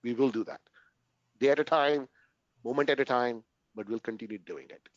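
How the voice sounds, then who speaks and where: Play a man with a middle-pitched voice, talking earnestly to an interviewer over a dull, muffled line, close and dry. Keep the phrases short, stop and restart now and then, and end points with "right?". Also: dry recording. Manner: earnest, repeats "right?" often, pauses to restart sentences. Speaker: interview guest. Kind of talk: casual conversational interview.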